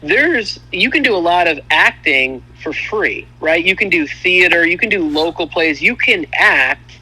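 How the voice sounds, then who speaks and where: Bright-voiced earnest podcast guest. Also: male voice, high-pitched, animated, unhurried, husky, rough recording. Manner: earnest, explanatory. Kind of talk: casual chat.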